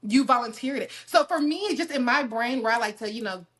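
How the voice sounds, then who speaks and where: A woman in casual podcast chat, talking through her theories at length in an animated way. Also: a little high, fairly quick.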